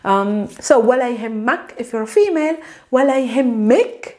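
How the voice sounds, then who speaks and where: A woman with a Palestinian Arabic accent leads an online language lesson, her voice sitting a little high. She is animated and patient, slowing down to repeat words for learners. Arabic is her native tongue. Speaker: Arabic teacher.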